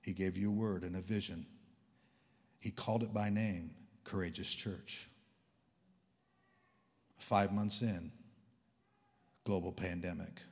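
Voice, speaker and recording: A man preaching a sermon as a guest speaker, swinging between loud exclamations and hushed whispers. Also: low-pitched, fairly even intonation, takes it slowly, pauses often, long reverb tail. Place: church hall.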